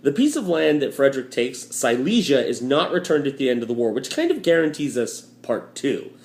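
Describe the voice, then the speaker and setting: A man's voice: mid-range voice, big pitch swings, fairly quick, darkish tone. A man teaching a history lesson in a casual, joking way, with frequent fillers, recorded at home. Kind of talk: recorded lecture walkthrough. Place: home room with a dryer running. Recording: roomy echo.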